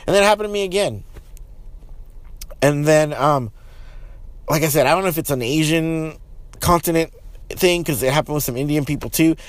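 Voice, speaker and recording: A man hosting his own podcast, ranting heatedly with lots of swearing and restarts, then settling into a calmer, lower tone. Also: moderate pace, pauses often, no echo. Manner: profane, rambling, frequent restarts. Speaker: podcast host. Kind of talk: casual solo podcast rant.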